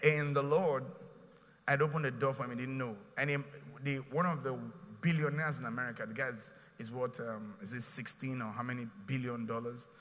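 A man's voice: mid-range voice, fairly even intonation, brisk, a bit bright, in a large hall. A man with a Nigerian accent preaching a sermon as a pastor, emphatic and repetitive, with pidgin phrases mixed in.

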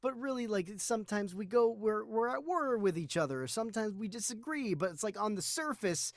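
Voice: mid-range voice, lively intonation, brisk, no echo, studio quality. A co-host in a casual movie chat, chatty and full of trivia, acting out scenes while explaining them. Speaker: podcast co-host.

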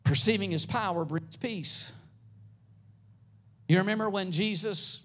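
A pastor preaching a sermon, building up into loud, high passages and then dropping to soft, low, quiet lines. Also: unhurried, slightly rough.

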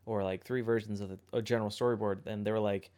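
A young man hosting a podcast in casual chat, thinking out loud in a reflective way and often correcting himself mid-sentence. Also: on the low side, fairly even intonation, fast talker. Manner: reflective, rambling, self-correcting. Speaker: podcast host.

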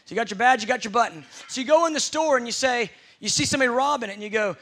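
A man's voice: very high voice, very fast, hardly any pauses, a bit bright. A man preaching a sermon, telling stories with playful acted-out scenes.

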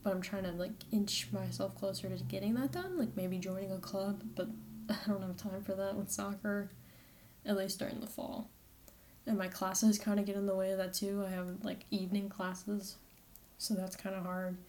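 A woman's voice: medium pitch, steady tone, normal speed, a little mellow, a little hiss or hum. A young woman, a college student, talking casually on her own podcast, rambling with lots of fillers and corrections. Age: young adult. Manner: chatty, rambling, with many "like" fillers and self-corrections. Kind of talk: casual solo podcast monologue.

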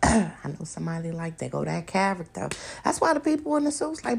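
A young adult woman hosts a solo podcast, ranting in a profane, confrontational way and repeating lines for emphasis. Her mid-range voice is gravelly and husky, and she speaks fairly quickly.

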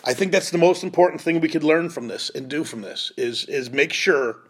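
A man's voice: a little high, brisk, husky. A middle-aged man hosting a lacrosse show, speaking in an earnest, pleading monologue and often repeating himself. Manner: pleading, emotional, repeats phrases and restarts.

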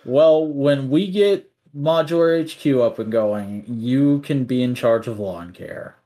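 A man's voice: medium pitch, unhurried, warm tone. A man co-hosting a podcast, rambling along in a casual, joking, profane way. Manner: rambling, profane, self-mocking. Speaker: podcast co-host.

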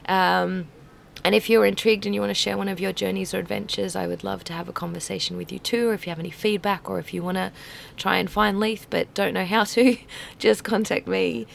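Hoarse, gravelly woman podcast host. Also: medium pitch, steady tone, brisk, a little hiss or hum. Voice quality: husky, gravelly voice. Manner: effusive, swears casually. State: hoarse from a cold. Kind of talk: casual podcast interview.

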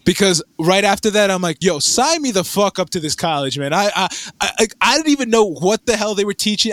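A young man telling a rambling story in casual chat, animated and swearing, with lots of fillers and restarts. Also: sits high, no room sound.

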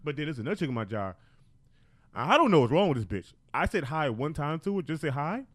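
Fast, animated man in casual chat. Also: fairly high pitch, no echo. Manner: animated storyteller, acts out quoted voices. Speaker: podcast co-host.

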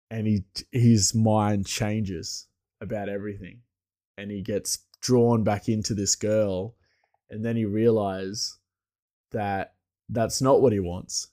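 A man's voice: lowish voice, flat delivery, slow pace, dark tone. A man chatting casually and enthusiastically, rambling with lots of "like" and "you know" and frequent restarts.

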